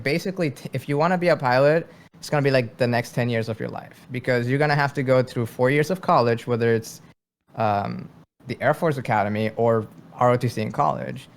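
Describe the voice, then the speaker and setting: A Venezuelan man who served in the military talks as a guest on a podcast, in a casual interview. His voice is medium in pitch, and he speaks haltingly and thoughtfully, leaning on lots of fillers.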